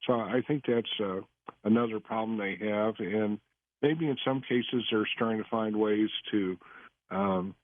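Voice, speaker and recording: A man speaks as a radio guest over a tinny telephone line, his voice pitched on the low side. He answers in a measured, hesitant way, pausing often on fillers, and the sound is dry and close. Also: dry recording. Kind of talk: interview answers.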